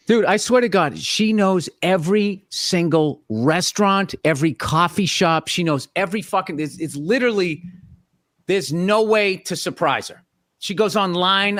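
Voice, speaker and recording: In this comedic storytelling rant, a middle-aged man hosting a podcast recounts an exasperated, profane story about his wife. He speaks at a measured pace in a high-pitched, slightly bright voice.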